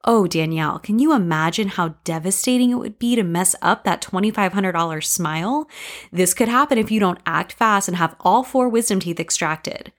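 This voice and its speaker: A woman voicing a pushy, fear-mongering sales pitch in a mock infomercial style. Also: moderate pace, close to an everyday voice. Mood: salesy.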